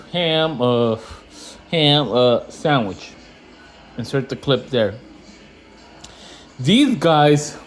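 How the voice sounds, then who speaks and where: A man ranting casually to camera in slangy, profane talk, getting louder when he is indignant. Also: mid-range voice, poor audio. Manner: slangy, animated, swears freely; rising loud when indignant. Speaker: investing vlogger.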